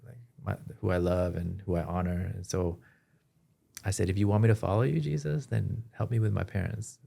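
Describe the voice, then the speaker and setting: A man as a podcast guest, telling his personal story in an earnest, halting way with frequent restarts. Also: low-pitched, fairly even intonation, vocal fry, mellow, husky. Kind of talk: personal testimony in an interview.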